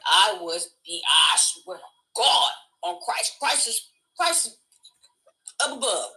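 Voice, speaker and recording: Animated, foul-mouthed middle-aged woman. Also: mid-range voice, takes it slowly, poor audio. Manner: animated, swears freely, acts out shrieks. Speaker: livestream host. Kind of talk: casual storytelling chat.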